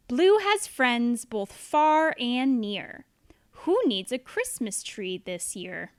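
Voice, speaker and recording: A woman's voice: fairly high pitch, sing-song, slow, smooth, no echo. A woman reading a children's picture book aloud in a playful, bouncy manner. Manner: playful, bouncy, with animal noises. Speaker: storybook reader. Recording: dry and close.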